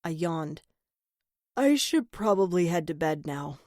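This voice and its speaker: Female audiobook narrator, first-person crime fiction, lowish pitch, dry booth sound. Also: very animated, unhurried, a little mellow, no echo.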